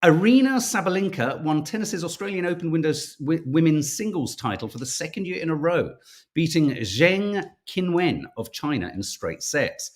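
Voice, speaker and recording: A man's voice: on the high side, animated, moderate pace. A man from the United Kingdom hosting a casual live-stream quiz for viewers, chatty and self-mocking, stumbling over names as he reads. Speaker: podcast co-host running a viewer quiz.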